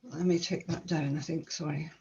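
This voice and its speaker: A woman with a slightly croaky voice, chatting at a folk club video call and then singing a ballad unaccompanied. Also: low-pitched, steady tone, mellow. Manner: apologetic about a croaky voice, then sings a slow ballad. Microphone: computer mic on a video call. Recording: dull lo-fi video call audio.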